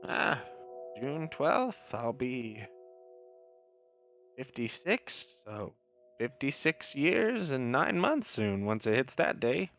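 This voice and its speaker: A frail old coroner in a tabletop game, as a man puts him on, a wistful, folksy small-town figure who drifts off mid-thought. His voice lifts noticeably above the speaker's own, with soft music faintly behind. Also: mid-range voice, sing-song, takes it slowly, exaggerated voice. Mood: reminiscing. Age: 50s. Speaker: coroner character.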